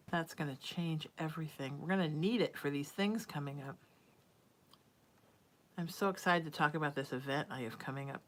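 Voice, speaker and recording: Woman, livestream host, chatty and warm-hearted, lowish voice, slips into whispers. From Huntington Beach, California. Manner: chatty, affectionate, drifts into soft whispers. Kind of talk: casual livestream chat.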